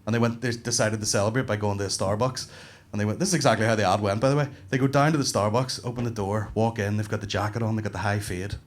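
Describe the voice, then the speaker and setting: A man with a Northern Irish accent doing stand-up on a comedy club stage, telling profane stories with animated bursts. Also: lowish voice, fast talker.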